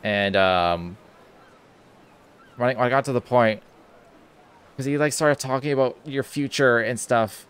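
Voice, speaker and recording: A man's voice: mid-range voice, unhurried, pauses often, a bit bright, smooth. A young man streaming a video game, telling a story in a rambling, casual way, with lots of restarts, filler words and casual swearing. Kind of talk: casual storytelling while gaming.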